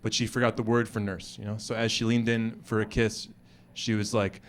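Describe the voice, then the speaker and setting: An American man performing stand-up comedy, animated and acting out other people's voices. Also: fairly low pitch, fairly quick, slight background noise. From United States. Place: comedy club stage before a live audience.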